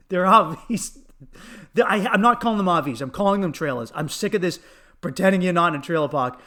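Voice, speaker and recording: A comedian hosting his own podcast tells a story in a fairly high voice at a fairly quick clip. He swears freely, laughs through his lines, and acts out little bits of dialogue as he goes.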